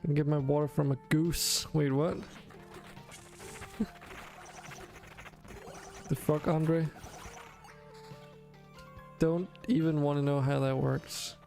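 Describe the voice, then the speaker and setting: A man's voice: a little high, steady tone, takes it slowly, vocal fry, long pauses, a little mellow, soft background music. A man casually talking through his gameplay on a stream, rambling, drowsy and self-correcting as he goes. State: yawning, sleepy.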